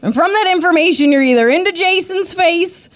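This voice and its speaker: A woman performing a stand-up comedy set, explaining her premise in a lively way. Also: extremely high pitch, fairly quick.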